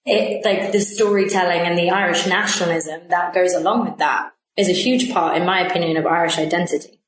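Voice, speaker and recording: A woman's voice: fairly low pitch, steady tone, a little fast. A woman with an English accent, co-hosting a podcast and reflecting at length in casual conversation. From London. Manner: reflective, talks in long winding sentences. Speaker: podcast co-host. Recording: echoey room, faint noise.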